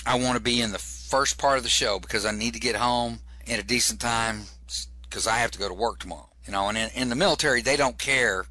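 Middle-aged comedian with a bright, tense voice, spinning a loose anecdote. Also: male voice, medium pitch, fast, dry recording. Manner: rambling, repeats words for comic effect. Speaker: comedian telling a story. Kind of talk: casual storytelling.

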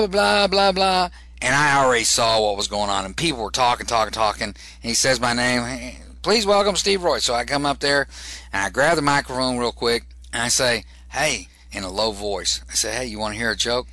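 A stand-up comedian telling a story in an interview, animated and repeating words for comic effect. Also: male voice, mid-range voice, no room sound.

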